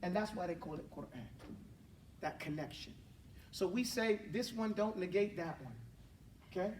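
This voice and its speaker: A man's voice: high voice, darkish tone, distant mic, slight background noise. A man teaching a Quran class, correcting pronunciation and having students repeat sounds after him again and again. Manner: corrective, repeats drills and models sounds slowly. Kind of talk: classroom recitation and pronunciation drill. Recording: echoey classroom from afar with class audible.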